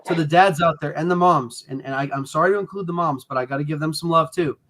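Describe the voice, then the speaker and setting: Guest role: man with a New England accent, high voice, rapid rambling and swearing. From northern US. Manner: fast, rambling and profane, loud bursts. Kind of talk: livestream interview.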